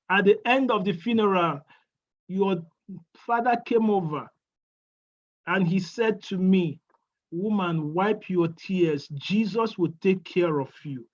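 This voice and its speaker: A woman voicing an elderly grandmother giving an earnest testimony in a sermon. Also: on the low side. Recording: dull lo-fi church recording.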